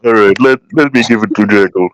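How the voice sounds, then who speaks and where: Man putting on a booming Jamaican-accented alter, low-voiced, half-joking banter, dull dry lo-fi audio. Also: fairly quick, slight background noise, lightly acted. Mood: teasing. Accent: Jamaican, put on.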